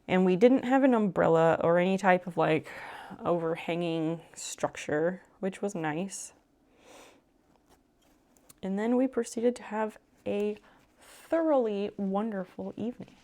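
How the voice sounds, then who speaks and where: A woman's voice: medium pitch, unhurried, darkish tone. A woman streamer telling a long story in casual chat, with lots of fillers and casual swearing. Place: home room while sewing on a live stream.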